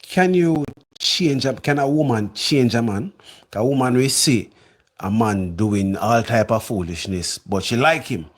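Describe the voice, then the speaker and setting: A man's voice: mid-range voice, a little slow. Man asking questions. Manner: brief questions and short affirmations. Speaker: interviewer. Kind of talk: street-style interview questions.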